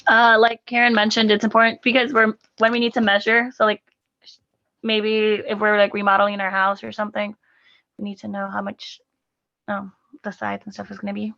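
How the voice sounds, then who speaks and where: Gravelly-voiced woman on dull lo-fi audio. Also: medium pitch, completely flat delivery, brisk, bright, forceful tone. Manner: rambling with many fillers. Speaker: student. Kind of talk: answering in class.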